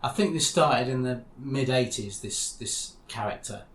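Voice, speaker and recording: A man co-hosting a podcast, calmly discussing comic strips and agreeing with his co-host. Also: mid-range voice. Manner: measured, agreeable, adds short remarks. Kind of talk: casual chat about comics. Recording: echoey room with faint background noise.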